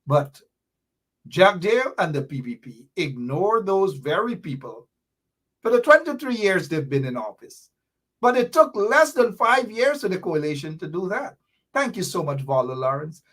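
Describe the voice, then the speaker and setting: A man's voice: sits high, sing-song, moderate pace, fairly bright tone. A middle-aged man with a Guyanese accent, hosting a political commentary show in a fiery, sarcastic way, hammering his points with repeated jabs.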